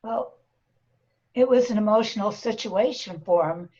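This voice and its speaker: A woman speaks up in a relaxed church book group, calm and reflective. Her voice sits at an ordinary pitch. The sound is dull and lo-fi, like an online call. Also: unhurried. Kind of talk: casual group discussion.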